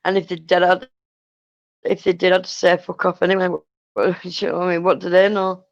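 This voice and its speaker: A woman's voice: on the low side, flat delivery, brisk, dry recording, dull audio. A woman from England, co-hosting a casual chat, laid-back and laughing along. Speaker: co-host.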